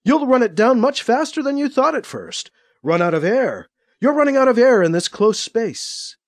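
Creepy alien tormentor, slow and repetitive, read by a man, high and sing-song. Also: big pitch swings, heavily acted. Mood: taunting. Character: sinister male alien tormenting a trapped man.

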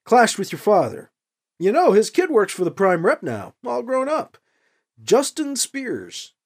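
A man's voice: high-pitched, wildly swooping pitch, a little slow, pitched above the performer's own voice, exaggerated voice. A man voicing a middle-aged former politician who talks in a rambling, chatty way in a storybook reading.

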